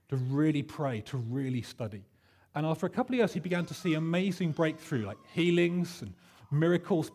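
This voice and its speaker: A man preaching a sermon, telling stories with animated voices for the people in them. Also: fairly high pitch, husky. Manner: animated storytelling, acting out voices in quotes. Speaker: pastor.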